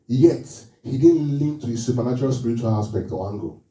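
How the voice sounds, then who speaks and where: A man's voice: medium pitch, animated, a little fast, mellow, reverberant, far from the mic, poor audio. A man preaching a sermon as pastor, asking the congregation questions, repeating his phrases and driving each point home.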